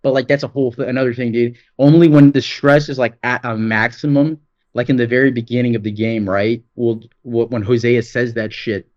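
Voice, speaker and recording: Dude talking games on a podcast, swears a lot, gets hyped, kinda dull muffled audio. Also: male voice, mid-range voice, fairly quick. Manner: excited, profane, rambling with lots of "dude". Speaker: podcast co-host. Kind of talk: casual gaming chat.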